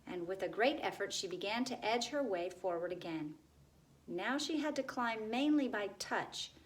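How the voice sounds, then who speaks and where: Woman, storybook reader, steady, expressive, medium pitch. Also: moderate pace, low-quality recording. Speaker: narrator. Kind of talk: reading a children's book aloud.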